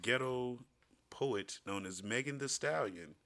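A man's voice: medium pitch, unhurried, pushed and bright. A man hosting a comedy show, acting out an improvised sketch, teasing and stammering, laughing often.

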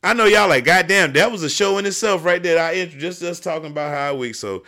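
A man who hosts a podcast and coaches youth football, telling stories in casual chat, animated and profane. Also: sits high, fast.

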